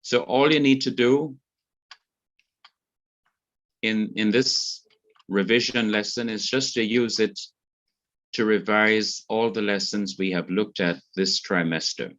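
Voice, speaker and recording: Slow, low-voiced Jamaican man teaching. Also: a bit bright, muffled recording. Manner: slow, careful explanation of grammar rules. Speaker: Hebrew teacher. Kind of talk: online revision lecture.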